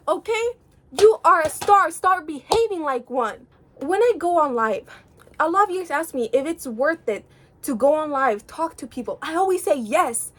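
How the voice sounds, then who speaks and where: A high-pitched young woman talks straight to camera in a casual motivational vlog. She is playful and theatrical, ordering her viewers around in a mock-teacher act. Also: a bit bright. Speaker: online content creator.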